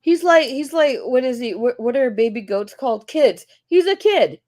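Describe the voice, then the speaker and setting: A woman with a slightly high voice in casual wrestling talk. She gushes emotionally and swears freely as she speaks. Her delivery is open and heartfelt. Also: animated, normal speed, darkish tone. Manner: emotional, gushing, swears often. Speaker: podcast co-host.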